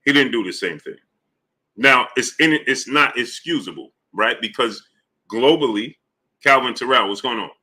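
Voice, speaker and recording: Bright-voiced man hosting a live stream. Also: medium pitch, lively intonation, moderate pace. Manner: shouts out chat names between points, rising emphatic questions. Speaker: boxing channel host.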